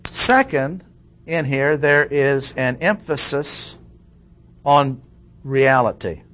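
A man delivers a verse-by-verse sermon at a middle pitch. He reads scripture aloud and stresses key words with steady emphasis, like a teaching pastor walking a congregation through a passage. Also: takes it slowly. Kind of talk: expository sermon.

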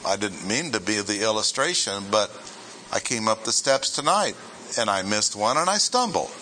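A man giving verse-by-verse Bible teaching to a gathered group, deliberate and emphatic, stressing and repeating his key points. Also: fairly low pitch, animated, sharp tone, slight background noise, low-quality recording.

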